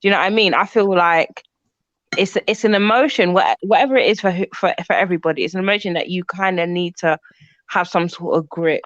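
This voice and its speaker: A woman hosting a live-stream chat, animated, laughing a lot and swearing freely. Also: lowish voice, quick pace, no echo. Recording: dry lo-fi stream audio.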